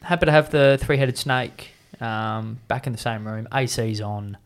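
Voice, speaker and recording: A man's voice: mid-range voice, normal speed. A man with an Australian accent co-hosting a casual podcast, joking in laid-back banter. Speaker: podcast co-host. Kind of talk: casual chat.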